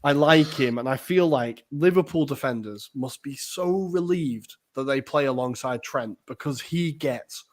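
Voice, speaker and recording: A man's voice: medium pitch, measured pace, few pauses. A man co-hosting a podcast, chatting casually and animatedly about football, swearing now and then. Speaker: podcast co-host.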